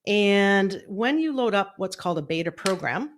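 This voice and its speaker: A woman's voice: mid-range voice, sing-song, moderate pace, a little hiss or hum. A middle-aged woman coaching online business on a casual live stream, chatty and upbeat while fiddling with her setup at home. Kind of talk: casual Facebook Live training. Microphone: desk mic, moved around during the stream.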